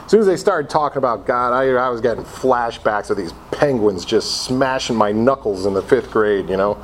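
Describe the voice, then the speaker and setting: A middle-aged man from Connecticut tells his story to a group, mocking himself as he replays his past reactions. His pitch swings widely, and a faint hum sits in the background. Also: animated, moderate pace. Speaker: speaker sharing his recovery story. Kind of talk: personal recovery talk to a group.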